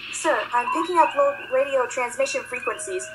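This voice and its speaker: A woman voicing an attentive female communications officer who reports in a crisp tone. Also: high-pitched, fairly quick, noisy background, natural voice. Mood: reporting.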